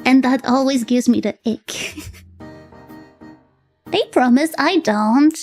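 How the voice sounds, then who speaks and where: A woman's voice: high-pitched, slow pace, darkish tone. A woman with a French accent chatting casually with her live-stream chat, giggling often as she reads and answers messages. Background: faint background music.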